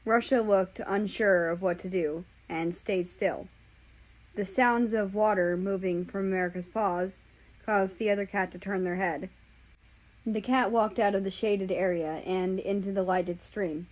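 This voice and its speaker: A woman reading a fan story aloud in slow, measured narration. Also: medium pitch, fairly even intonation, a little mellow, rough recording. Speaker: story reader.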